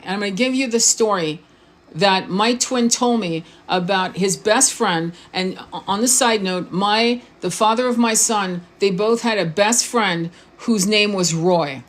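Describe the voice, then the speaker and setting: Blunt, swearing woman spiritual coach. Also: medium pitch. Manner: informal and blunt, swears freely, restarts words; asks the viewer questions often. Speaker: spiritual coach and tarot reader. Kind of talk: casual live-stream monologue.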